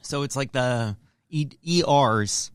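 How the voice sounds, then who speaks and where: A man's voice: mid-range voice, takes it slowly, clean tone, no room sound, studio quality. A man co-hosting a casual podcast chat, jokey and playful, laughing often. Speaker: podcast co-host.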